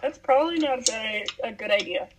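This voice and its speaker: A woman's voice: a little high, lively intonation, fairly quick. A teenage girl co-hosting a casual podcast over a phone call, dry and sarcastic, often giggling. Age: teens. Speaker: podcast co-host. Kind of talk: casual chat.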